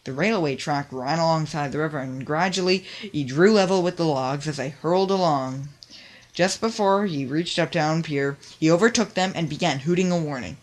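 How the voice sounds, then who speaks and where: A narrator reading a picture-book story in a steady, soft storytelling manner. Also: medium pitch, moderate pace.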